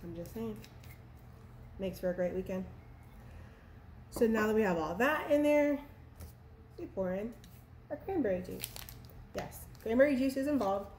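A woman's voice: mid-range voice, expressive, unhurried, pauses often, a little mellow, slight background noise. Chatty woman in an echoey room. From Texas. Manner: chatty, playful, laughs at herself. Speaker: vlogger. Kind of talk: casual cocktail how-to vlog. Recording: echoey room with faint ambience.

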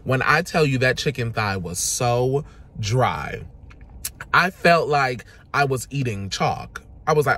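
Sassy, dramatic man vlogging food. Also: slow. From Jamaica. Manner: dramatic, sassy and expressive, swinging between loud exclamations and low asides. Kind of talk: casual chatty vlog. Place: in a car, out and about, then at home. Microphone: handheld camera or phone.

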